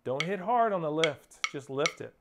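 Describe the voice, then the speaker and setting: A man's voice: on the high side, animated, moderate pace, very noisy. A man teaching a drum lesson, explaining strokes and counting off and calling out sticking patterns as students play.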